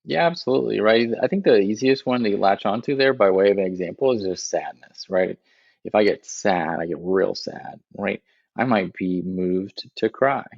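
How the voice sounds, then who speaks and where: Deep-voiced man explaining reflectively. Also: moderate pace, vocal fry, a little mellow, dry recording, dull audio. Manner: reflective, explanatory, frequent "right?" asides. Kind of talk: podcast conversation.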